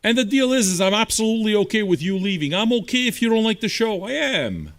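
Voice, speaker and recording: Profane, lively-voiced man host. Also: high voice, fast talker. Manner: blunt, profane, combative banter. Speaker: streaming radio DJ host. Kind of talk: casual livestream chat answering viewers.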